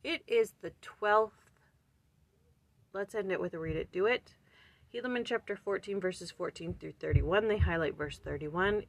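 This woman speaks in a creaky, mid-range voice at a moderate pace. She hosts a daily scripture study channel, and in this casual session she thinks aloud earnestly, sighing, restarting, searching for words, and urging the listener with questions.

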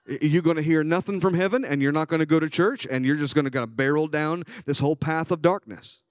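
A man preaching a sermon as a bishop, telling a story and swinging from hushed asides to loud, excited passages. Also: fairly high pitch, fast, dry recording, clean studio sound.

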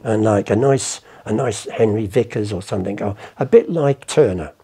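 A man's voice: fairly low pitch, moderate pace, warm tone. A man, a podcast guest rambling through anecdotes, swearing and acting out the people in them. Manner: rambling, swears, acts out the people in his stories. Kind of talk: casual anecdotal storytelling.

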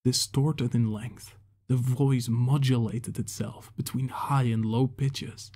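A man reading a fantasy short story in measured scripted narration. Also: medium pitch, fairly even intonation, dark tone.

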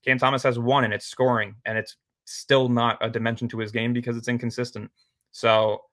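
Brief: male podcast guest, blunt and opinionated, flat delivery. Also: medium pitch, dry recording. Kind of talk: casual debate chat.

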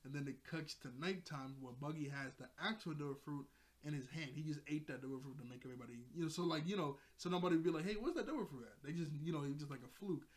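A man's voice: a little high, fairly even intonation, fast. A man casually recapping an anime episode, rambling, laughing often and correcting himself mid-sentence. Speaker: anime reviewer.

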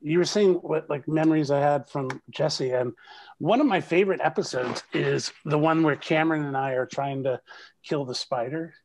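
A middle-aged actor chatting as a guest over a video call, telling animated stories and laughing often. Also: male voice, on the high side, normal speed, a little hiss or hum. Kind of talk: casual video call interview.

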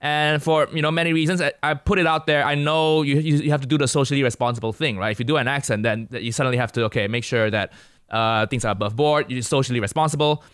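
A man's voice: medium pitch, fairly even intonation, quick pace, a bit bright, clean tone, no room sound, clean studio sound. A young man from Asia, a comedian and guest on a casual podcast, laying out his view point by point. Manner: lays out his argument point by point.

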